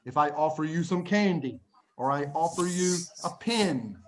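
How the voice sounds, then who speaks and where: A man's voice: a little high, animated, normal speed. A man teaching an online English lesson to children, explaining words patiently and plainly, laughing often, over a video call. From United States.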